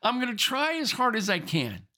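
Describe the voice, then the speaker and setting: A man's voice: very high voice, huge pitch swings, normal speed, pushed and bright, heavily acted. A man voicing an unprepared, easygoing male marathon runner who talks in an offhand, excuse-making way. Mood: sheepish.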